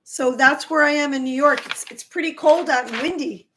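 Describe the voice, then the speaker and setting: A woman talking casually on a live stream as a spiritual teacher, warm in her encouragement and tripping over words, her voice going hoarse. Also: high-pitched, normal speed, few pauses, slight background noise. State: losing her voice.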